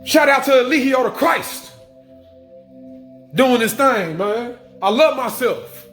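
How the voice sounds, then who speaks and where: In an echoey room with faint music playing, a spiritual vlogger delivers an emphatic monologue to his viewers, restating every point and swearing casually. His very high-pitched voice is expressive and a bit bright, and he takes it slowly.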